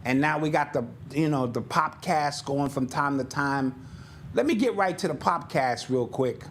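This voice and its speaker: An older man co-hosting a podcast in casual chat, telling stories in an animated way and acting out sounds and quotes. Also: a little high, moderate pace, slight background noise. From United States. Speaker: podcast co-host.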